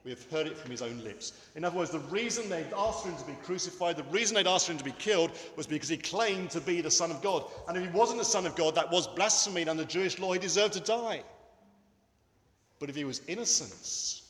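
A man preaching a sermon in a church, earnest and emphatic, with dramatic pauses. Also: sits high, lively intonation, a bit bright. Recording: echoey hall with long reverb.

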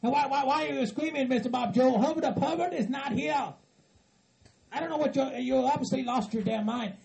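A man voicing a level-headed hillbilly friend who pleads patiently and tries to calm everyone down. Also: very high voice, a little fast, vocal fry, a crowd in the background. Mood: pleading. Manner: patient, pleading, repeats "Mister Bob Joe". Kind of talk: hobby comedy skit acting.

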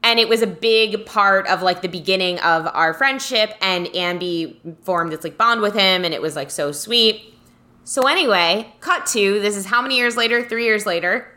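Bright-voiced woman telling a story. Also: medium pitch, moderate pace. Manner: animated storyteller, acts out quoted voices. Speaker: podcast co-host. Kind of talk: casual podcast chat.

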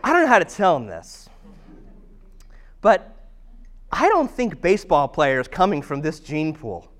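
A man's voice: fairly high pitch, huge pitch swings, unhurried, fairly bright tone. A man in his thirties giving a conversational sermon, telling family stories with self-deprecating humor.

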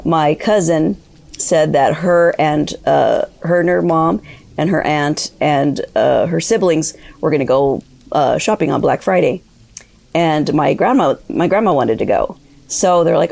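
A woman calling in to share a ghost story, telling it in a rambling, halting way with many fillers. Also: sits low, creaky, a little mellow. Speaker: caller sharing a ghost story. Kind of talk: casual spoken storytelling.

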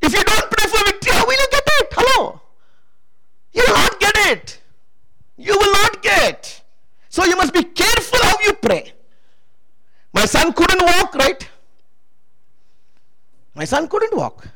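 A man's voice: very high-pitched, big pitch swings, unhurried, pauses often, bright, forceful tone, a little hiss or hum, poor audio. A man preaching a sermon testimony, emphatic and calling out to the congregation for responses.

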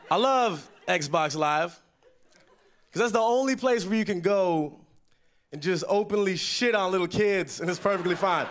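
A young man doing a stand-up comedy set on a festival stage, telling stories with animated delivery and sudden loud yelled impressions. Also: high-pitched, slight background noise.

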